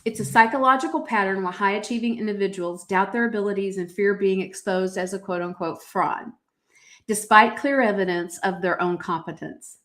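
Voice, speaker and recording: A woman hosts a motivational podcast in a mid-pitched voice, reading aloud from her own journal. She talks in emphatic, preacher-like bursts and leans on encouraging fillers between points. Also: a bit bright. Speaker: podcast host.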